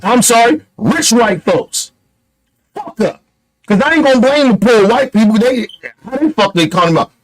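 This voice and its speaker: A man's voice: very high-pitched, lively intonation, normal speed, a little hiss or hum, rough recording. A man giving a heated, profane commentary rant, blunt and emphatic, firing off rhetorical questions. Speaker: online commentator.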